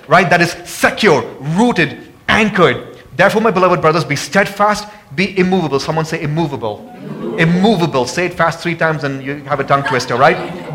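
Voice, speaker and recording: A man preaching a sermon as pastor, passionate and calling out to the congregation for responses, often rising loud and high for emphasis. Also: normal speed. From abroad. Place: church sanctuary.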